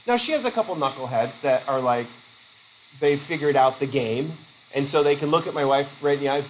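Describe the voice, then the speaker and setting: Man, teacher, classroom lecture, fairly high voice, faint background noise. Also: brisk, low-quality recording. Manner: lively, acts out quoted voices, laughs easily.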